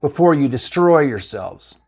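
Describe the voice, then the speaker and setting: A man voicing an old male physicist who gravely warns a starship crew of danger, in a read-aloud story. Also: medium pitch, very animated, measured pace, a little mellow, full character voice. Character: older male physicist visitor, grave and prophetic.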